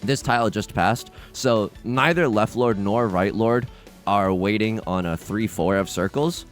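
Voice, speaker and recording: A man hosting a let's play, commenting casually on his game with animated, joking remarks, quick restarts and self-mocking asides. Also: fairly low pitch, soft background music.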